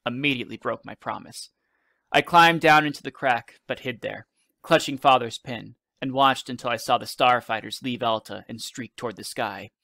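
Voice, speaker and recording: A male teacher reading a novel aloud in measured storytelling narration. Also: medium pitch, pushed and bright, no echo.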